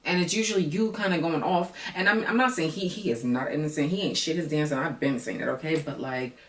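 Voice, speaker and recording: A woman's voice: sits low, fast. A woman giving a blunt, profane, sassy casual recap of a reality show from her apartment. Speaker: reality TV reviewer. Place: apartment at night, noisy renovations upstairs. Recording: echoey room, mic at a distance.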